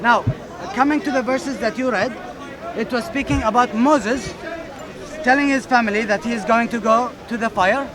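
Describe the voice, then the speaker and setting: High-voiced young man debating outdoors. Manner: firm, deliberate, insistent questioning. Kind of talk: street debate. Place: outdoor public park. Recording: outdoor crowd chatter. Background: crowd.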